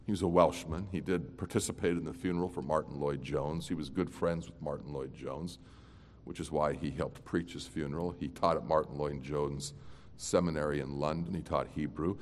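A man preaching an evening sermon as a pastor. He swings between loud, emphatic declarations and quiet, low-voiced asides. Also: steady tone, moderate pace. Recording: long reverb of a large hall.

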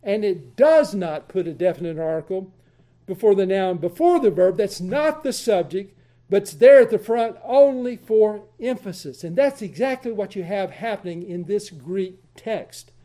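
A man teaching a Bible study lesson, explaining deliberately and repeating key points for emphasis. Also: high voice, animated, warm tone.

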